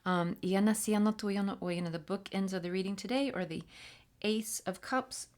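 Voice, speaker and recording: A woman's voice: medium pitch, moderate pace. A woman doing a chatty, rambling tarot reading, laughing often and dropping into whispers. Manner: slips into soft whispered chants. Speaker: tarot reader. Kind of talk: casual channeled reading.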